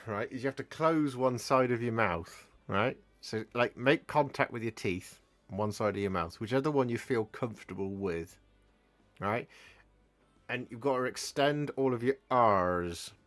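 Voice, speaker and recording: On a live stream where he paints miniatures, a young man from Gloucestershire, England chats casually and answers viewers' questions in a West Country accent. His mid-range voice is a bit bright and a little slow, with faint music playing behind him.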